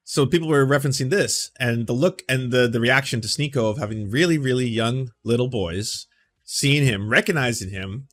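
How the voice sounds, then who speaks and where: A man's voice: fairly low pitch, a bit bright. A man hosting a casual reaction commentary, ranting in a profane, rambling way with frequent restarts. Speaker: YouTube commentary host.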